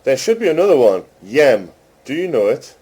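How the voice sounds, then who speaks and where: Husky man chatting with an AI. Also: mid-range voice, sing-song, warm tone. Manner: amused, teasing, speaks slowly and deliberately to the machine. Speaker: host testing a voice chatbot. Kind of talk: casual chat with an AI.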